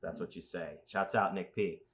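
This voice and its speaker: A man chatting casually as a podcast host, telling rambling stories with crude jokes and animated asides. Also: low voice, normal speed. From Las Vegas. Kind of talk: casual chat.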